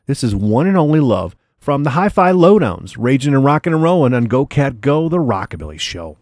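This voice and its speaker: A man spinning records on a radio show, chatting in a relaxed, upbeat way. He leans on little "uh" fillers as he talks his way between tracks. His voice sits at an everyday middle pitch, recorded close and dry with no room sound. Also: fairly quick, no echo. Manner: easygoing, enthusiastic, with frequent "uh" fillers. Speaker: radio DJ host. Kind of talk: casual radio DJ patter.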